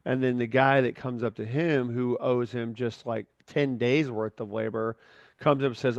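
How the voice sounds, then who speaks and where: A man's voice: mid-range voice, normal speed, vocal fry, no room sound, muffled recording. A man hosting a podcast in casual chat, talking in a candid, rambling way with frequent restarts and free swearing. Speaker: podcast host.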